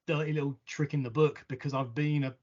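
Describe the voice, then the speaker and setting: A man hosts a casual podcast interview with a mid-pitched voice. He is joking, informal and freely profane, and the sound is slightly dull and lo-fi. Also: steady tone, fast talker, a little mellow, a little hiss or hum. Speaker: podcast host.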